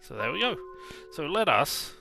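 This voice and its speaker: A man's voice: fairly high pitch, big pitch swings, moderate pace, vocal fry, loud music behind the voice. A man streaming a game, chatting casually in a rambling, jokey way full of digressions. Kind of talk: casual let's-play chat.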